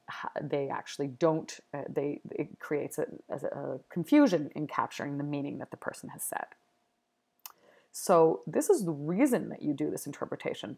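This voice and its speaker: A woman's voice: deep voice, darkish tone. A woman giving a recorded university video lecture, thoughtful and explanatory, with frequent ums and restarts.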